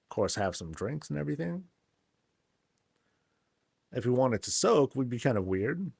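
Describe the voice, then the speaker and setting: A man's voice: mid-range voice, sing-song, moderate pace, creaky, darkish tone, slightly rough, dry recording, clean studio sound. Laid-back joking man, game tour. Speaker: game channel host. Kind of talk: casual game tour commentary.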